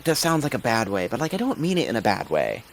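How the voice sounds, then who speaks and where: A man's voice: medium pitch, fast talker, vocal fry, slight background noise, voice pushed up, poor audio. A man voicing a restless young woman cook. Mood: earnest. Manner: rambling, animated, frequent fillers.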